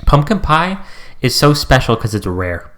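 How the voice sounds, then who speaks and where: Young dude cohost, medium voice, really expressive, goofy over the top rants. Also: male voice, mid-range voice, normal speed. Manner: animated, jokey, exaggerated rants. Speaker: podcast co-host. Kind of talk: casual chat.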